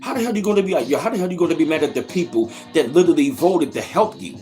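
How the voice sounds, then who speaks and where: A man with a somewhat high voice gives a heated, profane reaction rant. He circles back to the same points and peppers them with "yo". Soft music plays behind him. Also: animated, very fast. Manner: heated, profane, repeats himself with "yo". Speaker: commentary channel host. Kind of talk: ranting reaction commentary.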